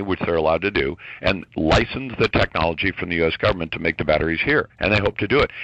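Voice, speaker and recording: A man's voice: low-pitched, a bit bright, no echo, highs cut off. A man speaking as a guest commentator on a radio talk show, ranting in a heated, emphatic way.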